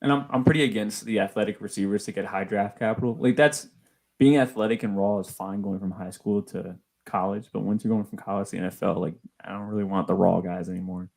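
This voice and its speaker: A man's voice: lowish voice, steady tone, fast talker, vocal fry, darkish tone. A man co-hosting a casual sports podcast, enthusiastic and analytical, with many fillers. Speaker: podcast co-host.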